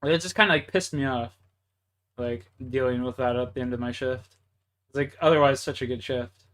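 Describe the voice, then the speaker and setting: Mid-range in pitch and fairly bright, a young man's voice carries a Canadian accent as he vents to his stream chat mid-game. The frustrated rant runs at a moderate pace and is loaded with profanity.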